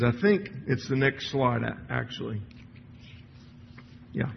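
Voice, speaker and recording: A man's voice: medium pitch, gravelly, a little hiss or hum. Man preaching in a reverberant church hall. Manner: conversational, halting with many restarts and fillers. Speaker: church speaker. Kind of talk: sermon with read passages. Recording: dull sound with long hall reverb.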